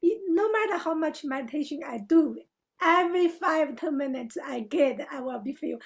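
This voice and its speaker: A woman hosting a podcast, with a high voice. She talks in short, halting bursts full of fillers. Her phrasing is loose and non-native. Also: lively intonation, creaky. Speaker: podcast host. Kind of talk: casual interview chat.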